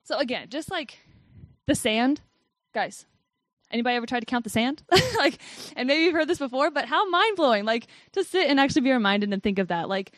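A woman's voice: high-pitched, lively intonation, fairly quick, no room sound. A woman giving a casual devotional talk and reading Bible verses, who says "like" a lot and laughs often. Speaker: Bible study speaker.

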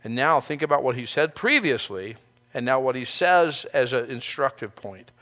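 A man's voice: medium pitch, moderate pace, a bit bright. A male pastor giving a sermon, speaking earnestly in a conversational way and often restarting his phrases.

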